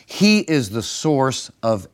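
A man, a pastor, co-hosting a ministry broadcast, telling stories in a relaxed way with restarts and chuckles. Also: medium pitch, slow. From northern United States. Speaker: pastor and co-host. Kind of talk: casual ministry broadcast chat.

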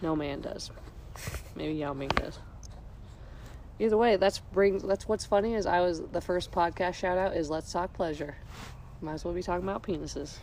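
A young woman chats and jokes on her podcast while sitting outside. Her voice has a gravelly, creaky edge. Faint outdoor noise runs underneath. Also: lowish voice, moderate pace, pauses often. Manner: playful, joking, laughs easily. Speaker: podcast co-host. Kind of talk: casual chat. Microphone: handheld recorder moved between speakers.

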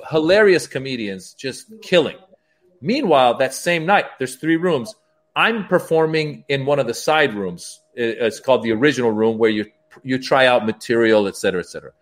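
A stand-up comedian telling stories as a guest, acting out the dialogue in raised voices. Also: male voice, fairly high pitch. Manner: animated, acts out quoted dialogue in raised voices. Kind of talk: storytelling as a podcast guest.

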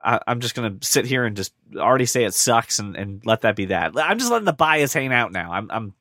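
Animated man bantering on a podcast. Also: mid-range voice, no room sound, studio quality. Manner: animated, jokey, puts on quick mock voices. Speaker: podcast co-host.

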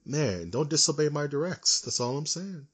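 A man co-hosting a casual podcast, ranting in an animated, emphatic way. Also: fairly high pitch, normal speed, husky. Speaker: podcast co-host. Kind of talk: casual chat.

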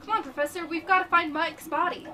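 A woman voicing a panicked male professor who blurts out frantic, hurried warnings. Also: very high-pitched, fairly even intonation, far from the mic, background noise, pitched above the performer's own voice. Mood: horrified.

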